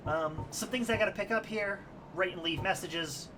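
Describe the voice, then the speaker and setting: A woman's voice: fairly low pitch, moderate pace, noisy background. A woman streamer giving rambling, self-deprecating commentary while she plays a game, laughing often. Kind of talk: casual let's-play commentary.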